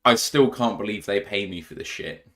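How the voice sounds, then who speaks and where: Young male podcast host, slightly low voice, self-deprecating, laughs a lot. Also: moderate pace, a bit bright. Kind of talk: casual live podcast chat.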